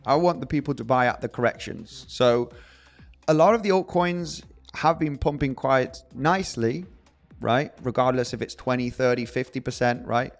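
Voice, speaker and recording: A young man hosting a live trading stream, reading viewer comments aloud in an animated, joking way, often restarting his sentences. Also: medium pitch, moderate pace, faint music behind. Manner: animated, jokey, many restarts. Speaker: livestream host.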